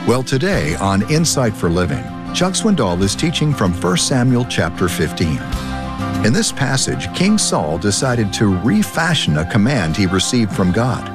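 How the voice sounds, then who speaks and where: A man reading a scripted introduction to a radio program in a measured announcer's manner. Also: medium pitch, very animated. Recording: music bed behind the voice.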